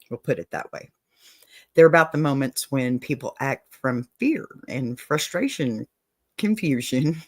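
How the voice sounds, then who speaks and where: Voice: mid-range voice, no room sound, studio quality. A Southern-accented host from Texas giving an encouraging advice-show monologue, often asking "okay?" and saying "y'all.".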